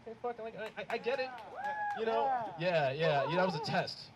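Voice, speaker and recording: Lively high-voiced young comedian outdoors. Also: male voice, a little fast. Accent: American. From Ethiopia. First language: Amharic. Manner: animated, self-mocking, loose and profane. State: cold. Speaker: stand-up comedian. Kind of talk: stand-up set. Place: outdoor campus stage in cold weather. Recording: noisy outdoor live recording. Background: laughing crowd.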